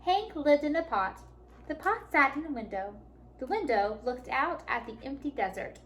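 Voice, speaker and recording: Animated woman reading picture books. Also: high voice, moderate pace, slight background noise. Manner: warm, animated, talks to the children. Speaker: children's librarian. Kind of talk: reading a picture book aloud at storytime. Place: public library.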